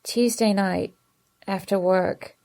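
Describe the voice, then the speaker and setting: A woman reading an audiobook, voicing a tired young boyfriend who speaks softly and apologetically in a hushed, low voice. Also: fairly even intonation, slow pace, creaky. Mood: tired, apologetic.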